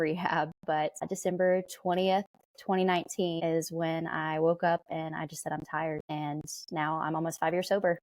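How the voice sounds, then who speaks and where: A young woman with a Southern twang tells her own story candidly and conversationally. Her voice sits a little low for a woman. The sound is dry and close, with no room echo. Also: a little mellow. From southern Alabama, USA. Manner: candid storytelling, light laughs. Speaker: podcast guest. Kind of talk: conversational interview.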